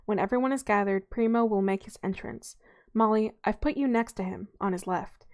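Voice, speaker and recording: Woman reads a helpful male aide, low-key and hushed, briefing quickly. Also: close to an everyday voice. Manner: hushed, brisk instructions.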